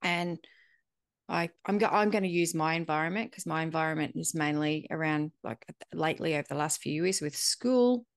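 A middle-aged woman talks in a loose, candid way, swearing now and then and slipping into quoted dialogue. Her voice sits low with a gravelly fry. It is recorded close in a dry space. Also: normal speed, dry recording. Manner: candid, reflective, swears casually, acts out dialogue. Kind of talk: casual conversational chat.

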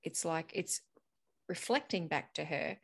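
A woman's voice: deep voice, measured pace, creaky. A woman, hosting a casual conversation and telling stories with frequent laughter. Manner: animated storyteller, laughs often.

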